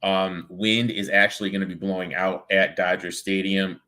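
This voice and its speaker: A man's voice: low voice, flat delivery, normal speed, pushed and bright. A man hosting a sports betting show, chatting casually and rattling off baseball stats.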